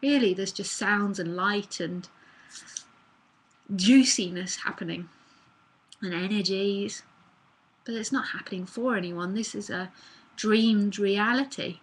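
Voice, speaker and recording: A woman's voice: mid-range voice, takes it slowly, pauses often, slightly rough. A woman with a New Zealand accent giving a casual live spiritual talk, rambling and acting out the voice of anxious thoughts. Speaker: nondual spiritual teacher. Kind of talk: live online talk answering questions.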